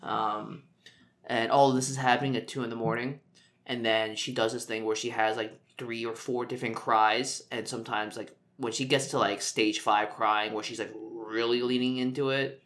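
A man's voice: mid-range voice, steady tone, normal speed, a bit bright. A man co-hosting a podcast, telling a long story in casual chat with jokes and lots of fillers. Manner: rambling, jokey storytelling with many fillers. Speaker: podcast co-host.

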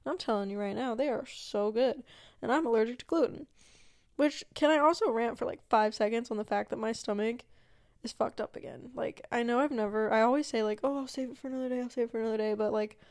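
A young woman hosting her own podcast, chatting casually and meandering with lots of fillers and asides, sometimes dropping to a quiet murmur. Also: a little high, gravelly. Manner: yawning, drops to a quiet murmur at times. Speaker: podcast host. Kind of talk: casual solo chat.

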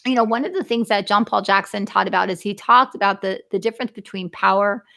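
A woman's voice: medium pitch, quick pace, vocal fry, bright, forceful tone. A woman hosting a faith talk show, speaking in an earnest, thoughtful, affirming way. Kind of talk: conversational interview.

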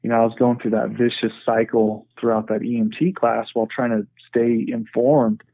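As a podcast guest, a man recounts his story frankly and earnestly, often saying "you know," in a gravelly, level voice of medium pitch at normal speed. The audio is dry and tinny, like a phone, with no room sound.

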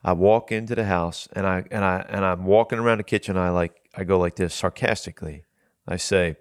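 A man talks about faith with a somewhat low voice, earnest and unhurried. He often restarts with repeated words, as if he is working the point out live. The sound is dry and close. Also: fairly even intonation, no room sound. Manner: earnest, repeats words when starting a thought. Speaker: Christian talk show host. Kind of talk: conversational preaching.

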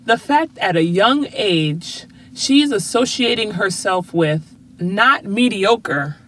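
A woman's voice: medium pitch, husky. A woman speaking as a parent, earnestly giving motivational advice to viewers and using rhetorical questions.

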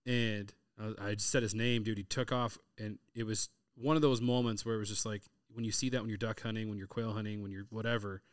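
A man's voice: on the low side, brisk, hardly any pauses, smooth, no room sound, studio quality. A man in his thirties, hosting a casual chat and telling hunting stories full of quoted dialogue. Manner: storytelling, animated retelling of hunting anecdotes with quoted dialogue. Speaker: podcast host.

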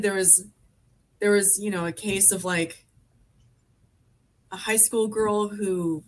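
A woman in her forties tells stories as a podcast guest. She talks in a loose, rambling way, full of fillers and false starts. Her voice sits at a middle pitch. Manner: rambling, many fillers and restarts. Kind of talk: casual conversation.

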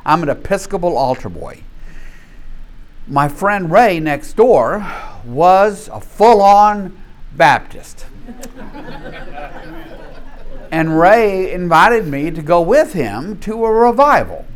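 A man's voice: sits high, slow, long pauses. A man from North Louisiana teaching a Bible study in a conversational way, often checking in with the group and telling stories with animation. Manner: animated storyteller.

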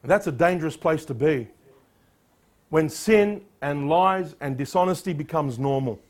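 A man preaching with a high voice, reading scripture in a loud, declamatory tone. Between readings he exhorts his listeners and his pitch jumps upward on the key words. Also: normal speed. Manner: emphatic, rising sharply on exhortations; reads scripture in a louder, declamatory voice. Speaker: pastor.

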